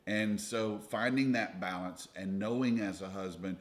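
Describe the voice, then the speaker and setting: Low-voiced, earnest young man. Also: measured pace, few pauses. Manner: earnest and steady, gives advice to husbands. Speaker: ministry leader, co-host with wife. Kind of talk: casual chat with a preaching tone.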